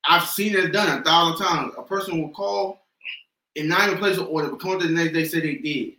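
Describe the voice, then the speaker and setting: A man with a high, bright voice telling rowdy stories in casual chat. He sounds set back from the mic in an echoey room, and keeps the talk animated and profane. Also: brisk, distant mic.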